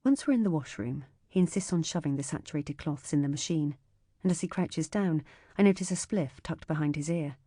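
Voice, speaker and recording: Woman for thriller audiobook narration, low warm voice, dry close mic, measured and tense. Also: no room sound.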